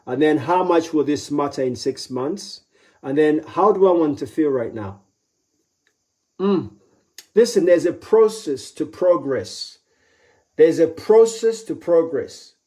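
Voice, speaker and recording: A man's voice: expressive, takes it slowly, warm tone. Emphatic motivational speaker, man. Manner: emphatic, repeats key phrases; acts out quoted voices with pitch jumps. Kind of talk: live motivational talk.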